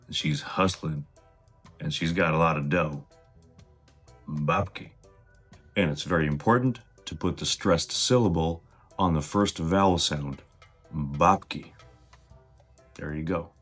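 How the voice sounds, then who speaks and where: A man talking casually to camera, explaining slang in a relaxed, direct way to his viewers. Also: low-pitched. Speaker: vlogger teaching slang.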